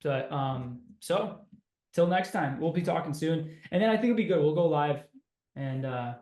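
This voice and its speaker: Pumped podcast host guy, kinda high voice, roomy echo, says dude a lot. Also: moderate pace. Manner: upbeat, energetic, says dude and bro. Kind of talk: casual podcast chat.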